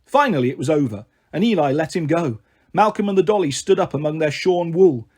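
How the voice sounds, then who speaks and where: Guy reading a kids book out loud, bouncy high voice, a bit breathy. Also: brisk. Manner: lively, acts out every character with shifting voices. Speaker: storyteller. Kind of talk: audiobook reading of a children's novel.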